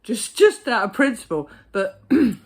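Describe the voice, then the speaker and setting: Just a guy ranting to camera, swears a lot, gets animated telling stories. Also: very high voice, measured pace. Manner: blunt, sweary, animated storytelling. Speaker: postal worker vlogger. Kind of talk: casual chat to camera.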